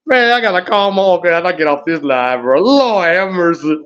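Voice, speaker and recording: A man hosting an emotional live stream, animated, groaning and exclaiming as he talks. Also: high voice, brisk, clear, resonant tone, muffled recording. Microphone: home streaming setup.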